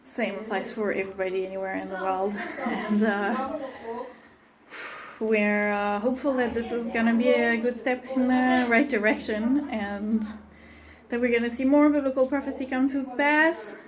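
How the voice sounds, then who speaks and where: A woman's voice: fairly high pitch, steady tone, moderate pace, crowd noise, poor audio. A middle-aged woman, out of breath, filming herself on a phone as she walks outdoors to a bomb shelter and talks in a chatty, laughing way. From immigrant to Israel. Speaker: resident showing her shelter route. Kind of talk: handheld video walk-through.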